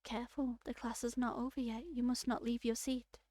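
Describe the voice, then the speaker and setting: A woman voicing a cold, menacing female teacher who speaks quietly and threateningly. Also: on the high side, little pitch movement, fairly quick, dry recording, lightly acted. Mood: coldly warning.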